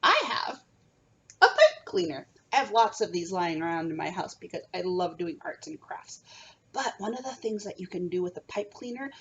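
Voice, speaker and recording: A woman's voice: fairly low pitch, fairly quick, a little mellow, muffled recording, a little hiss or hum. A young woman teaching a remote kindergarten music lesson from home, coaxing small children with a sing-song manner.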